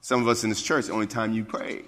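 A man preaching a sermon as bishop and pastor, swinging from hushed whispers to emphatic shouts. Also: lowish voice, little pitch movement, fast talker, in a large hall. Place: church sanctuary.

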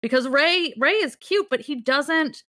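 A woman co-hosting a podcast in casual conversation, her voice bright and sharp. She rambles with enthusiasm and laughs often, and the sound is close and dry. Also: high voice, animated, a little slow, no echo. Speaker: podcast co-host. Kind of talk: casual chat.

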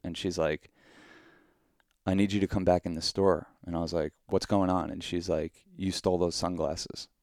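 Podcast co-host, man, deep gravelly voice, rambling anecdote, dry close mic. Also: flat delivery, normal speed, a little mellow, dry recording. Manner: rambling, heavy use of "like"; profane, mock-outraged quotes. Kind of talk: casual storytelling.

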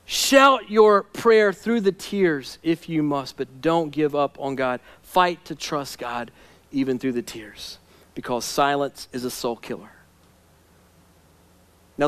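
High-voiced impassioned male pastor preaching. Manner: impassioned preaching that swings between hushed and loud, dramatic scripture reading. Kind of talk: sermon.

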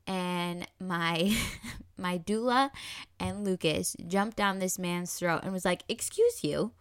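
A woman's voice: fairly low pitch, steady tone, slow, smooth, no echo, studio quality. A woman candidly telling her own birth story, earnest and emotional, often breaking into small nervous laughs.

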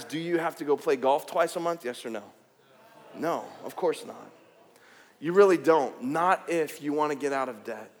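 A male pastor with a high voice preaching in an animated, joking way. He calls out to the congregation and teases them. His voice rings through a big hall with a long reverb tail. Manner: animated, jokey, calls out to the crowd. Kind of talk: sermon.

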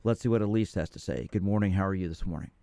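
A low-voiced man in his sixties hosts a call-in radio show from a studio, speaking directly and conversationally. The sound is dry and close, with no room echo. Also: rapid-fire, creaky, warm tone. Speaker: radio show host, sports psychologist.

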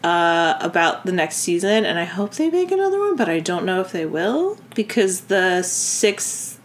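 A woman's voice: fairly low pitch, big pitch swings, moderate pace, a little hiss or hum. A woman co-hosting a podcast in casual chat, telling stories with frequent laughs and casual swearing. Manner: chatty storyteller, laughs often, swears casually. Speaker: podcast co-host.

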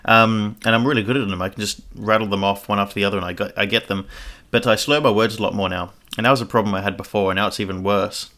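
A man chatting casually as a podcast co-host, joking and animated. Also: lowish voice, fast talker. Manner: joking, animated, slips into silly put-on voices. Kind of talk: casual chat.

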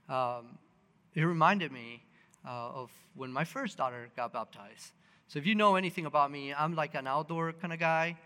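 A man's voice: medium pitch, long reverb tail. A man preaching a sermon, telling personal stories with lots of fillers and restarts, acting out what people said. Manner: animated, acts out quotes, many fillers and restarts.

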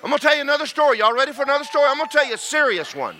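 A man preaching a sermon, swinging from low murmurs to shouted passages. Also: expressive, rapid-fire, a faint crowd, a little hiss or hum. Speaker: pastor.

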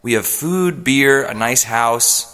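A man performing a comedy podcast as himself, pleading and excitable, swinging into yelling. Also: mid-range voice, slow, long reverb tail. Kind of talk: comedic improvised role-play.

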